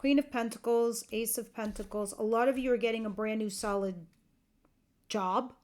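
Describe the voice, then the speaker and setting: A woman's voice: on the high side, steady tone, normal speed, darkish tone. A woman giving a tarot reading to camera, chatty and earnest, talking straight to her viewers, a bit tired and yawning. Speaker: tarot reader.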